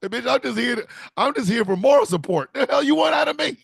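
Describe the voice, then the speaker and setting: A man's voice: very high-pitched, animated, fast, vocal fry, slightly rough, dry recording, clean studio sound, pitched above the performer's own voice, exaggerated voice. A man voicing a sassy, exasperated cartoonish bird who eggs on a fight.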